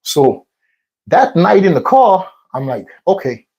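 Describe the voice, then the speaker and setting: A man's voice: high-pitched, sing-song, slow pace, a little mellow, muffled recording. Man rambling through a story mid-workout. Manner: rambling, repetitive retelling with many fillers. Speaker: vlog host. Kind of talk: casual storytelling during a workout. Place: workout session between sets.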